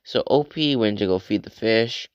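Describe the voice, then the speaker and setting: A young man retelling a story in a relaxed, casual way, often tagging sentences with "right?". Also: on the low side, normal speed, smooth, dry recording, dull audio. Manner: relaxed, frequent "like" and "right?" tags. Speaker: channel host retelling an online post.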